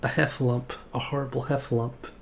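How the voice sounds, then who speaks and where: A man voicing a timid tiny male piglet who stammers and gasps in breathy bursts while reading a storybook aloud. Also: mid-range voice, level tone, fairly quick, slight background noise, natural voice. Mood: panicked.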